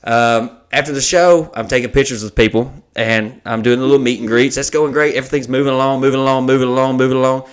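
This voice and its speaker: Male comedian-host, mid-range voice, casual, swearing, lively storyteller. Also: mid-range voice, quick pace, hardly any pauses, clean tone. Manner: profane, animated anecdote-telling.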